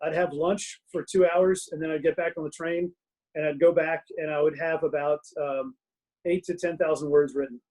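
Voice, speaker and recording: Chatty middle-aged man, slightly high voice. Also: fairly even intonation, moderate pace, darkish tone, poor audio. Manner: chatty, self-mocking, laughs through anecdotes. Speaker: guest author. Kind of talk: casual storytelling interview. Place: home den.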